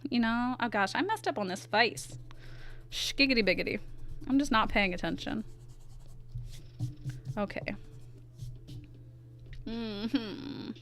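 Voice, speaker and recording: A woman's voice: fairly high pitch, slow pace, pauses often, a bit bright. A woman streaming while she draws, chatting casually, reading her chat aloud and answering it with self-deprecating asides. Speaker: art streamer.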